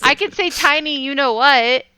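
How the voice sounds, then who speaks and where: A woman's voice: high voice, moderate pace, crowd noise. A woman from the USA guesting on a podcast, brash and dramatic in casual chat, swearing freely.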